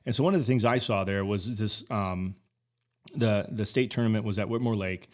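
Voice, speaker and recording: A man's voice: on the low side, normal speed. A man in his forties talking casually as a podcast guest, rambling and swearing, with many restarts. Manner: rambling, profane, frequent restarts. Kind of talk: casual conversation.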